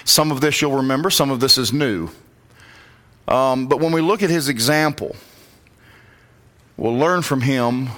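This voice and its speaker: A man preaching a sermon, praying and reading scripture, rising to loud impassioned calls. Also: medium pitch, measured pace, long pauses. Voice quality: glasses-wearing reader of scripture. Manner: rises to loud impassioned calls when quoting.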